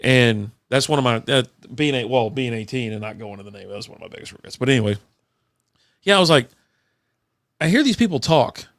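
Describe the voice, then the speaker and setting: A man's voice: medium pitch, expressive, quick pace, fairly bright tone, no echo. Rambling, profane man podcaster. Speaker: podcast host. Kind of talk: casual chat over beers.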